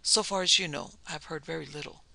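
A narrator voicing Dr. Silence, a calm, earnest gentleman doctor who speaks quietly and gently. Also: a little high, a little fast, gravelly, no room sound, full character voice.

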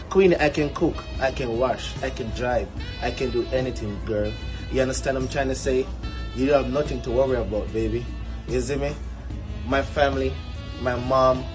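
A man's voice: mid-range voice, lightly acted. A man voicing a flirty male mango fruit in a comedy skit, pleading and persuasive, repeating his questions. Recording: loud guitar music behind.

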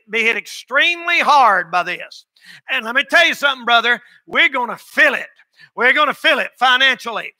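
High, bright-voiced shouting preacher. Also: male voice, no room sound. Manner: folksy, emphatic, often shouting. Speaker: pastor. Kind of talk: sermon. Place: church.

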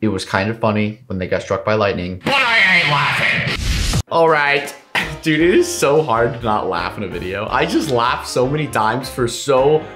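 A young man hosting an excited reaction commentary, exclaiming and bursting into loud laughter. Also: mid-range voice, moderate pace. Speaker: YouTuber host. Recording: echoey room with music behind. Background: background music.

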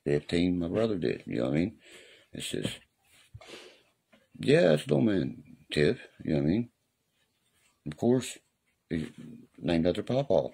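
A man's voice: deep voice, big pitch swings, a little slow, gravelly, pauses often, dark tone, slightly rough. A man talking casually on a live stream in a rambling, profane way, often asking if you know what he means. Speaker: livestreamer. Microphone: phone or webcam on a live stream.

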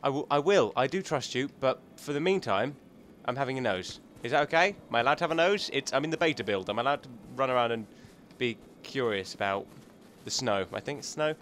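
A man's voice: medium pitch, animated, a little fast, a bit bright, a little hiss or hum. A man hosting a gaming channel, chatting and joking casually as he thinks aloud through gameplay commentary.

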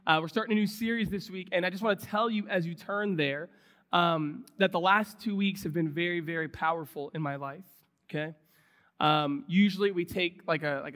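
Animated high-voiced preacher in reverberant sanctuary. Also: male voice. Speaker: pastor. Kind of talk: sermon. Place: church sanctuary. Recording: long hall reverb.

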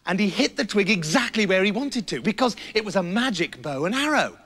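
A man with an English accent narrating a comic children's story with playful, animated mock horror. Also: high-pitched, a little fast. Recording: roomy reverb, faint music.

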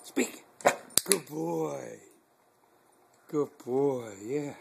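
A man's voice: fairly high pitch, lively intonation, slow pace, gravelly, long pauses, breathy edge. Man coaxing his dog in sing-song. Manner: warm, earnest prayer at the end. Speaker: dog owner. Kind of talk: home video talking to a pet. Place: home living room with a couch. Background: dog in the room.

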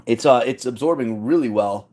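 A man's voice: medium pitch, moderate pace, a little mellow. A man hosting a cooking challenge from his home kitchen, talking casually and jokingly to a live audience. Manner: chatty, joking, self-deprecating. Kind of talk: casual live-stream chat.

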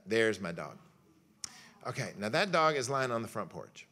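A man's voice: fairly low pitch, very animated, moderate pace, pushed and bright. A man speaking as a pastor at a church luncheon lecture, telling folksy stories and acting out quotes as he makes his point. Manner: folksy storytelling with jokes and acted-out quotes. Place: church hall.

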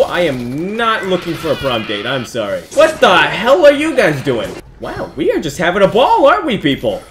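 A man giving excited gameplay commentary, shouting exclamations and cracking jokes to his viewers. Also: high-pitched, normal speed, hardly any pauses, noisy background. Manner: loud exclamations, jokey asides to viewers. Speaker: gaming YouTuber.

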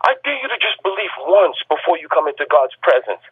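A man with a high, husky voice delivers a fervent sermon over the telephone. He presses his point again and again, insistent and climbing toward shouts. The tinny phone line thins out his sound. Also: sing-song, quick pace, no echo. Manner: insistent and repetitive, rising to shouts. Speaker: preacher.

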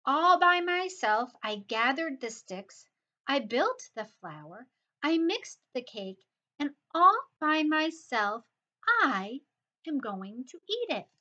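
A woman's voice: high-pitched, very animated, takes it slowly, bright, forceful tone, full character voice. A woman voicing a determined little hen in a children's story, firm and proud. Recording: dull lo-fi recording.

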